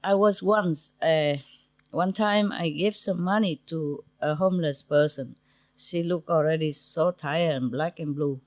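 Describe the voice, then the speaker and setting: A woman's voice: sits low, measured pace, a little mellow, no room sound, low-quality recording. A woman spiritual teacher giving an informal, chatty talk to her disciples in broken English grammar, laughing often.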